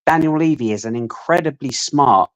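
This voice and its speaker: A man co-hosting a casual fan stream, talking at length in measured, opinionated stretches. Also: mid-range voice, rough recording. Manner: long opinionated monologues, measured. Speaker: podcast co-host.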